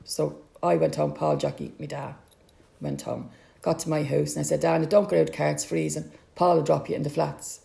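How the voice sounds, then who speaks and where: Gravelly-voiced Irish woman telling a story. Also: deep voice, little pitch movement, moderate pace, dark tone. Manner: vivid storyteller acting out quoted voices. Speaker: mother telling a family story. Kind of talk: personal storytelling in conversation.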